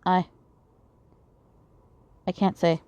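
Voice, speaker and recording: A woman voicing an earnest, open-hearted young man who speaks sincerely and a little haltingly. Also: mellow, no room sound. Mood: troubled.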